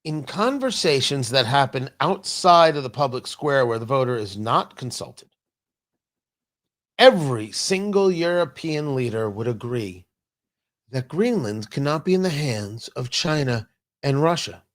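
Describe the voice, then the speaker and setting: A man hosting a political talk show, giving opinionated commentary and acting out quotes with sudden loud outbursts. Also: mid-range voice, unhurried. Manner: animated, acts out quotes with sudden loud shouts.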